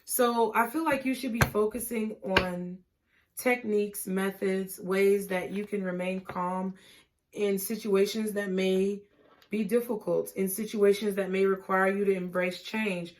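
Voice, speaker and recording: A woman giving a tarot reading, talking gently and reassuringly and often checking in with "okay?". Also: medium pitch, fairly even intonation, a little slow. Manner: casual, laughing and swearing at times. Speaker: tarot reader.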